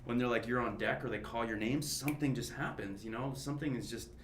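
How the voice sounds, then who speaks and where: A man, an actor, telling a lively audition story in casual chat and quoting his own thoughts. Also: medium pitch, quick pace, echoey room, a little hiss or hum. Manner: animated, retells his own thoughts as quotes. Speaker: actor guest at a roundtable.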